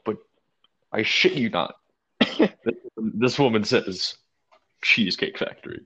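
A man co-hosting a podcast, telling a long story in a casual, animated and profane way. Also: lowish voice, takes it slowly, husky, lo-fi sound. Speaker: podcast co-host.

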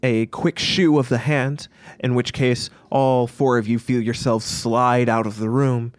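A man runs a tabletop game, narrating each scene slowly and with care. His voice sits at a middle pitch. It is recorded close and dry. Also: little pitch movement, dry recording. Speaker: game master.

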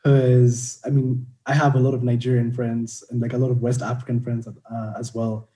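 Young man, podcast host, casual chat, mellow dark tone, easygoing. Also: mid-range voice, normal speed. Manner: relaxed, laughs often.

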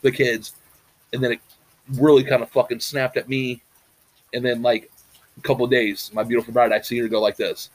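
A man's voice: mid-range voice, flat delivery, a little fast, long pauses. A man co-hosting a casual talk show, rambling and swearing bluntly. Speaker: podcast co-host. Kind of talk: casual chat.

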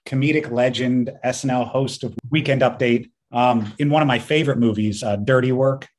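A man's voice: mid-range voice, fairly even intonation, moderate pace. A man co-hosting a podcast, chatting in an easygoing way and laughing often. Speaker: podcast co-host. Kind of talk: casual chat.

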